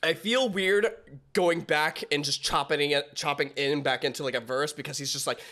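An excitable man hosting a music reaction, slightly high-pitched, bursting with amazement. He swings between loud exclamations and quiet, choked-up murmurs. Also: normal speed. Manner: excitable, swearing in awe, drifting to hushed mutters. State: emotional, tearing up. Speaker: reaction video host. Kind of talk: casual music reaction commentary.

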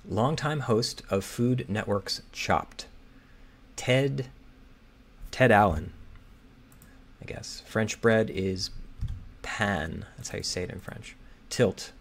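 A man mutters his way through a crossword, slowly and hesitantly reading clues aloud and guessing at answers. His voice is lowish and gravelly, and keyboard typing and clicking can be heard behind him.

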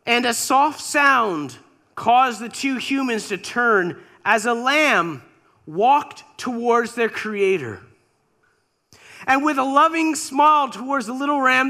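High, slow-speaking male preacher. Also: creaky, sharp tone. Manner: slow, imaginative, dramatic retelling. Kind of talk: sermon storytelling.

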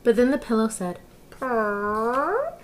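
A woman reading a children's picture book aloud, narrating gently and engagingly, with asides to the listener. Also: mid-range voice, moderate pace, slight background noise. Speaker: storyteller. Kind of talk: children's story read-aloud.

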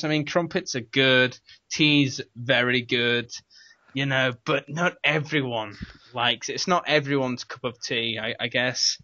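A man's voice: a little high, bright, forceful tone, no room sound. A young British man co-hosting a gaming podcast, chatting loosely and rambling, often laughing. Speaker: podcast co-host. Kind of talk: casual chat. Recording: dull, dry home recording.

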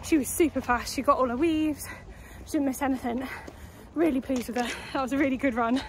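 A woman's voice: high voice, fairly even intonation, brisk, a little mellow, a little hiss or hum. A young woman vlogging outdoors at a cold dog show on a handheld camera, chatting and talking fondly to her dogs. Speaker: vlogger and dog agility handler. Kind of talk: casual vlog chat.

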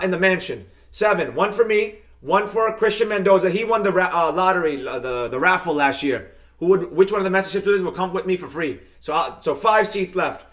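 A man's voice: sits high, bright, forceful tone. A man hosting a live-streamed trading lesson. He talks straight to his viewers, reads out their comments, and keeps chanting hyped catchphrases.

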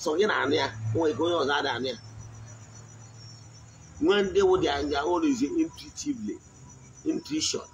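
A man giving a spiritual teaching in a slow, deliberate voice, often asking his listeners if they follow. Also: a little high, lively intonation, creaky, a little hiss or hum, poor audio. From Nigeria. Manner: switches between Igbo and English, frequent check-ins. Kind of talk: spoken teaching.

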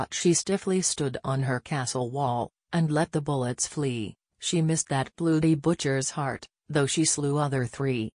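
Man, ballad reciter, measured rhythmic delivery, mid-range pitch, dry close mic. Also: darkish tone, no echo. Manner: measured, rhythmic verse reading with Scots dialect words. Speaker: poetry reader.

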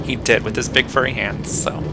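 A man hosting a casual gameplay video, chatting in an excitable, jokey way and breaking into loud exclamations. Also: medium pitch, brisk, noisy background. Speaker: gaming channel host.

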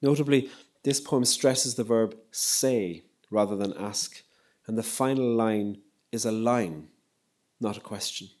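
A man giving a public lecture on poetry and prayer, in a measured, reflective way with frequent pauses. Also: fairly low pitch, a little mellow. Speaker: lecturer and poet. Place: lecture hall.

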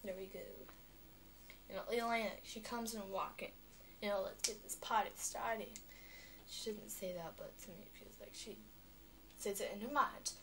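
A young girl talking on a vlog, chatty and animated, with lots of filler words. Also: mid-range voice, moderate pace, long pauses, slight background noise. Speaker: vlogger. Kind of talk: rambling vlog monologue.

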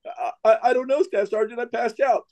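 A man's voice: very high voice, fairly even intonation, fairly quick, darkish tone, dry recording, pitched above the performer's own voice. A man voicing a dazed young male Marine who just fainted, stammering meekly. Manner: stammering, meek and confused.

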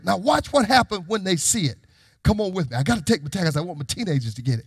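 Male pastor, high lively voice, call-and-response sermon delivery, dry close sound. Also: fast, vocal fry, breathy edge, no echo. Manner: call-and-response preaching with rising shouts.

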